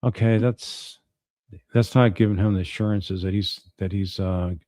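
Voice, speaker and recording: Male attorney commentator, low mellow voice, casual wry delivery. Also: steady tone, moderate pace, no echo. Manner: wry, conversational, reads out messages then reacts.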